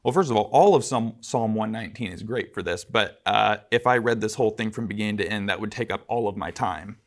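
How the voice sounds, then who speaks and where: A man's voice: lowish voice, a little fast. A man giving a conversational church lecture, earnest and casual, with asides and fillers. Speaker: church teacher.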